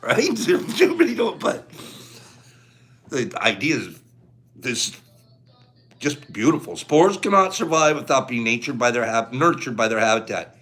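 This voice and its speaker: A man's voice: medium pitch, sing-song, a little slow, pauses often, a bit bright. A man reading a book aloud and breaking into emotional commentary, getting carried away, laughing often and talking to his listeners. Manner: gushing, gets carried away, near tears. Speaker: book reader.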